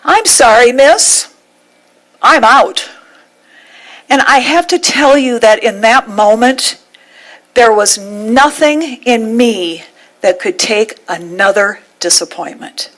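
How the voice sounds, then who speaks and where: A woman minister with a fairly high voice delivers a sermon. She tells a heartfelt personal story. She paces it with measured pauses. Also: poor audio.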